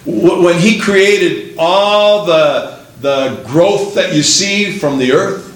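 A high-pitched male preacher speaks slowly, his sermon rolling along with emphatic cadence as he presses the congregation with rhetorical questions. The sound echoes through a roomy church.

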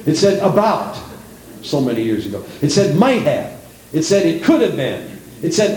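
A man's voice: on the high side, sing-song, normal speed, darkish tone, recorded from a distance. A middle-aged male preacher delivering a sermon in a church, preaching with rising emphasis and acting out the voices of people he quotes. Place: church sanctuary. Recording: very echoey church room.

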